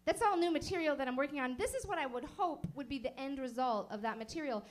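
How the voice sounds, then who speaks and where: A woman with a high, light voice does stand-up at a small comedy show. She rambles casually and peppers her sentences with "like" as she talks to the crowd. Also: fast talker. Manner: rambling, casual, lots of "like" fillers. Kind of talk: stand-up set.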